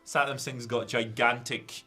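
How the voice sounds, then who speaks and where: A man's voice: medium pitch, fairly even intonation, unhurried, pushed and bright, faint music behind. A man co-hosting a wrestling news show, reacting playfully and laughing through casual banter.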